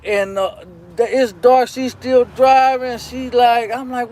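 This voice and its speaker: A man's voice: extremely high pitch, fairly even intonation, normal speed, few pauses, darkish tone. A male live-show host telling a long, crude anecdote in loose slang, rambling and repeating "you know what I'm saying". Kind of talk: live-stream storytelling.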